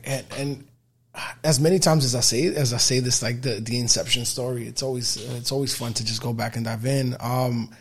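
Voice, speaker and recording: Casting: young New man, gravelly voice, animated storyteller, casual podcast guest. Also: medium pitch, moderate pace. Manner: animated storyteller, acts out quotes loudly.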